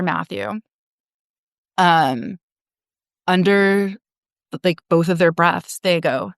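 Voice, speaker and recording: A woman's voice: on the low side, a bit bright, smooth, no echo, clean studio sound. A woman in her forties, a podcast guest telling her own story frankly, with frequent laughs and casual swearing. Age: 40s. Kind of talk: candid personal storytelling.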